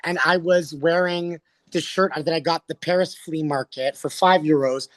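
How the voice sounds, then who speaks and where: A Canadian drag performer telling a story with breathless, theatrical energy and acting out the voices in it. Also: male voice, fairly high pitch, steady tone, normal speed, dry recording. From Alberta, Canada. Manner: breathless, theatrical, acts out the voices in his stories. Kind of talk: animated storytelling.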